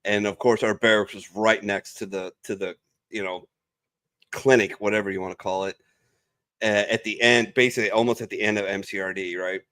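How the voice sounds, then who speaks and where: A young adult man, a veteran panelist on a video call, telling stories in a casual, profane and animated way. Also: fairly low pitch, a little fast. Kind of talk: casual storytelling chat.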